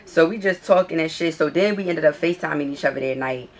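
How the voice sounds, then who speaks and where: Scrolling through her phone, this vlogger reads out text messages while retelling events in a blunt, exasperated, swear-filled, casual style. She speaks quickly in a low voice.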